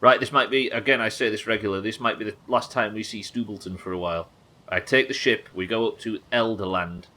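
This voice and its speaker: A man's voice: fairly low pitch, sharp tone, poor audio. A young man streaming a game live, chatting to viewers and thinking aloud as he plays, swearing freely. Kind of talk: live gameplay commentary.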